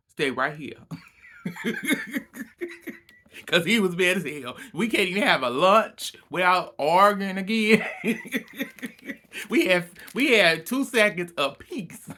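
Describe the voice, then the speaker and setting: A man giving a casual recap of a reality TV episode, acting out what people said with lots of laughter and sudden loud outbursts. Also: high-pitched, takes it slowly, pauses often. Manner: animated storytelling, acting out quotes, frequent laughter and outbursts.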